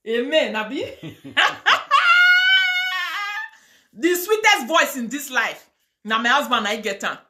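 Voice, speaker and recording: A woman's voice: fairly high pitch, expressive, normal speed, noisy background. A woman with a Nigerian accent ranting on a live video, mixing pidgin, chanting curses and prayers with fire. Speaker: online video host.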